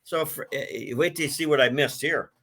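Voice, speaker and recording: This older interview guest, a collector of a presidential car, tells rambling, casual stories and performs the lines of people he mentions. His voice is a little high, fairly quick, pushed and bright.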